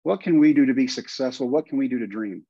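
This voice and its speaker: A man's voice: medium pitch, fast talker, breathy edge, no echo. Storytelling Texan man, dry muffled sound. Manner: animated storyteller, acts out quoted lines. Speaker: guest, former pitcher and coach. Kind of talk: storytelling in a podcast interview.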